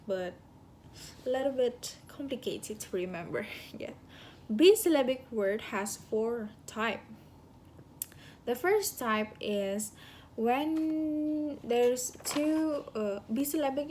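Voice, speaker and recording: Slow, halting young woman reviewing lessons. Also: fairly high pitch, mellow, a little hiss or hum. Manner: halting, searching for words, self-correcting. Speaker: student giving a class review. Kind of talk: spoken course review.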